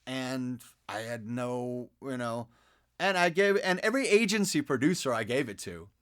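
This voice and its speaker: A man in a podcast studio tells stories from his career in a lively, meandering way, stopping often to restart a sentence. His voice sits in an ordinary middle pitch. He is picked up close on a studio microphone. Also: normal speed, smooth. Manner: animated anecdotes, many fillers and restarts. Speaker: guest voice actor. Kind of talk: casual interview storytelling.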